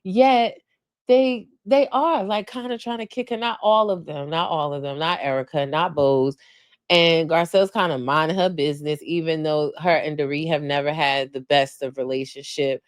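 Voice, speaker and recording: A woman hosting a podcast, recapping in casual chat with blunt, colloquial opinions and animated quoting. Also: moderate pace, no echo, clean studio sound. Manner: animated, opinionated, acts out quotes with big pitch jumps. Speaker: podcast host.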